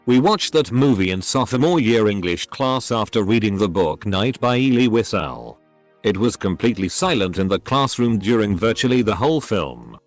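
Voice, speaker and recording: A man reading short stories aloud in a steady, scripted narration style. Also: lowish voice.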